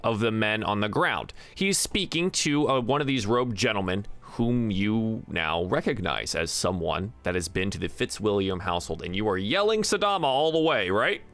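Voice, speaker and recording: A man narrating as game master in a relaxed, chatty way with frequent fillers. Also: fairly low pitch, normal speed, few pauses.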